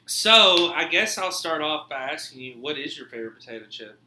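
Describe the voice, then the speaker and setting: A male podcast host chatting casually, rambling from one joke to the next and swearing as he goes. His voice has a very bright edge. It rings in an echoey room. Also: on the high side, animated, brisk, a little hiss or hum. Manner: rambling storyteller, swearing, jokey.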